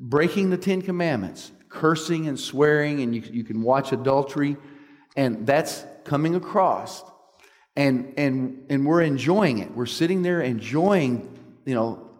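A man's voice: medium pitch, lively intonation, measured pace, long reverb tail. A man giving an earnest preaching talk, often checking in with his listeners with questions. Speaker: speaker at a church meeting.

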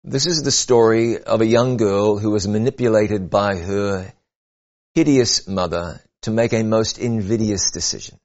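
A man preaching a sermon, earnest and measured, rising and falling for emphasis. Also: lowish voice, highs cut off.

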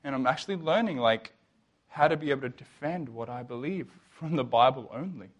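A young man telling his faith story to an audience, animated and jokey, acting out the lines of the people he quotes. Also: medium pitch, brisk, dull audio. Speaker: speaker. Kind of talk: testimony talk to an audience.

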